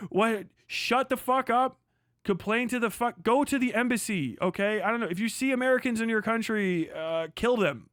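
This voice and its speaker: A man's voice: sits high, moderate pace, fairly bright tone, dry recording, studio quality. A young man from Kentucky, ranting crudely and mockingly on a livestream, often breaking into laughter. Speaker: streamer. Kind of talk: profane political rant on a livestream.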